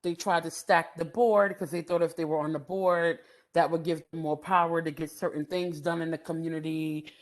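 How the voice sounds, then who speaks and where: A middle-aged woman gives a storytelling lecture, animated, laughing often and using many "um" fillers. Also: low-pitched, normal speed. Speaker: housing development speaker.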